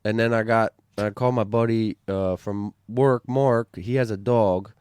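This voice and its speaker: A man recounts a hunting story on a podcast, his speech excited and rambling, full of restarts and casual swearing. His voice sits low and comes through smooth and resonant. The close mic sounds dry, with no room around it. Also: measured pace, dry recording. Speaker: podcast guest, bowhunter.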